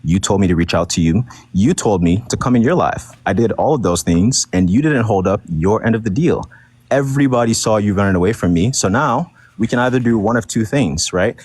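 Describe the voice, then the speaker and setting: Man, very deep voice, dry close sound, combative debater, repeats himself. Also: expressive, fairly quick, darkish tone, husky, no echo. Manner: repetitive, combative, talks over others. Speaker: debate guest. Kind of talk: heated online debate.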